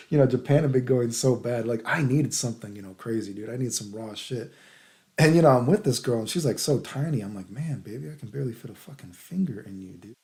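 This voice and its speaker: A man's voice: mid-range voice, darkish tone. A man from the United States telling a story in a casual vlog, rambling and crude, peppering his talk with "dude" and "right?".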